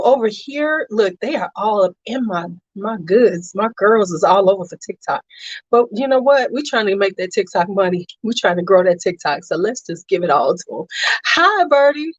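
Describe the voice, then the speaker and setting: A woman's voice: mid-range voice, moderate pace, no echo. A young adult woman chatting casually on a beauty and fragrance livestream, greeting viewers by name and dropping slangy asides. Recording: slightly dull, dry home recording.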